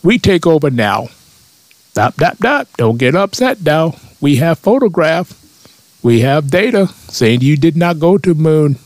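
A man's voice: on the high side, big pitch swings, a little slow, no echo, voice pushed up. A man putting on a poor Russian accent to play a gloating Soviet official who speaks broken English. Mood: taunting. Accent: put-on Russian.

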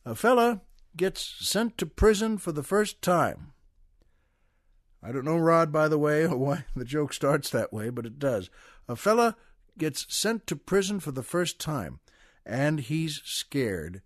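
An older American man hosting a comedy show, telling a long joke with folksy, chuckling asides in a relaxed way. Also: on the high side, measured pace, no echo, clean studio sound. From United States. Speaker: podcast host. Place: studio.

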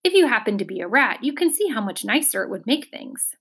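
A woman reading a children's novel aloud, giving the characters expressive voices. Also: on the high side, fairly quick, husky. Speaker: audiobook reader. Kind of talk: storybook reading.

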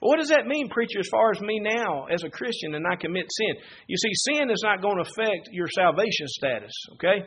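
A man preaching a sermon, moving from quiet Bible teaching to loud, fervent exhortation. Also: sits high, animated, fairly quick, few pauses, a little hiss or hum.

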